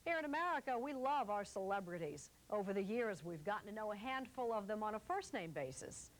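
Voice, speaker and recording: A woman news correspondent narrates a television profile in a measured, polished manner. A faint hiss sits under the voice. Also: medium pitch, expressive, poor audio. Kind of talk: scripted TV narration.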